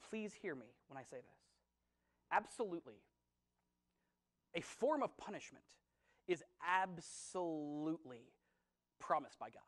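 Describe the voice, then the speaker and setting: A man's voice: on the high side, expressive, a little slow, long pauses, low-quality recording. A man preaching a sermon as pastor, conversational and emphatic, often repeating himself for stress.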